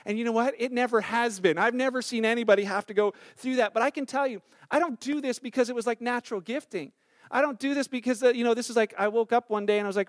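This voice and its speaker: A man's voice: very high voice, fast talker, no room sound, studio quality. A middle-aged man, a pastor giving a conversational sermon, telling a self-deprecating personal story with filler words and restarts.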